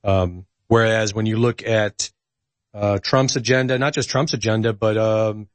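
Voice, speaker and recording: A man in a casual podcast conversation who tells stories with animation and pauses on ums and uhs. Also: lowish voice, dry recording. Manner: animated storyteller, hesitant fillers. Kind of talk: casual political chat.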